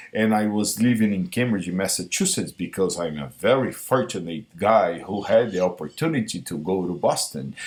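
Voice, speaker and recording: Male vlogger with a lowish voice. Speaks very slowly and deliberately, chaining phrases together as he talks. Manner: slow, deliberate, repetitive phrasing. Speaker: YouTube channel host. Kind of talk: solo vlog monologue.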